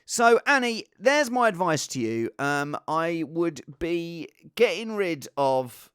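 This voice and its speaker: A man giving casual, rambling fantasy football advice in an excitable, self-deprecating way. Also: a little high, takes it slowly, clean tone, dry recording, studio quality.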